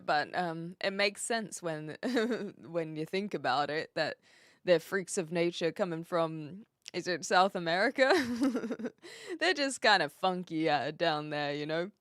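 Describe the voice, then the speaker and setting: A woman's voice: on the low side, a bit bright, no room sound, clean studio sound. A woman from New Zealand with a light accent, chatting casually with viewers on a live stream, laughing often and trailing off mid-sentence.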